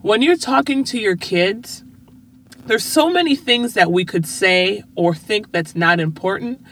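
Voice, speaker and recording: A woman's voice: mid-range voice, a little slow, a bit bright. A woman speaking as a parent, earnestly giving motivational advice to viewers and using rhetorical questions.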